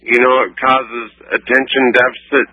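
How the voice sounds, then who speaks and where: A man's voice: medium pitch, flat delivery, moderate pace. A man calling in to a talk radio show, rambling with lots of "you know" and "I mean". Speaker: caller. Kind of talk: phone-in call. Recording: muffled call on radio.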